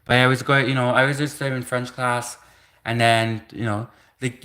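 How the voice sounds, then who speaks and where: This livestream host, a man in his thirties, talks at normal speed with a medium pitch, fairly even intonation, and a sharp edge. His speech wanders with plenty of "like" fillers and restarts, and he laughs in the gaps between ideas.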